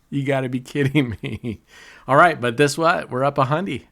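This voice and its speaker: A man's voice: mid-range voice, moderate pace, a bit bright. A middle-aged man giving casual, joking live commentary on his casino session, laughing often and cheering or groaning at each spin. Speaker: casino vlogger.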